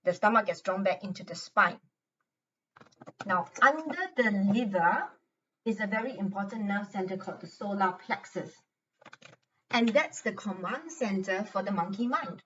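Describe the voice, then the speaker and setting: Bright, earnest woman teaching from a distance. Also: medium pitch, lively intonation, normal speed, dull audio, slight background noise. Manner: earnest, repeats words and restarts often. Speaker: health educator. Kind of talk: instructional talk guiding a self-help exercise.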